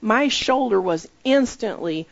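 A woman's voice: lively intonation, unhurried, vocal fry. Woman preaching, guided visualization. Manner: leads guided visualization, acts out quoted voices with rising pitch. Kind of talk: sermon. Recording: dull lo-fi recording.

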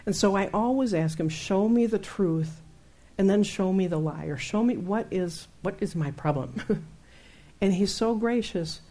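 A middle-aged woman teaching about faith in a chatty, animated way, laughing often and acting out her own outbursts. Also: medium pitch, unhurried. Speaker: Christian teacher. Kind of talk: conversational Bible teaching.

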